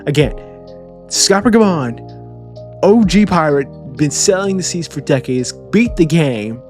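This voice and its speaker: A man's voice: on the high side, lively intonation, measured pace, soft background music. A man casually reacting to a comic chapter, rambling and joking with profanity and stammering repeats. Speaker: manga chapter reviewer.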